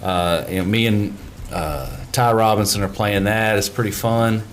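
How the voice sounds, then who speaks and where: A man with a lowish voice co-hosts a gaming podcast in easygoing, rambling chat. A faint hiss runs underneath his talk. He sounds at ease among friends. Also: steady tone, moderate pace. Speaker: podcast co-host.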